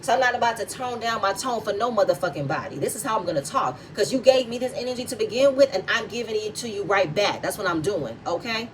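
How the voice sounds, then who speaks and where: A woman's voice: mid-range voice, animated, quick pace, hardly any pauses, recorded from a distance, slight background noise, poor audio. A woman hosting a reality TV recap vlog, giving blunt, heated and profanity-laced commentary.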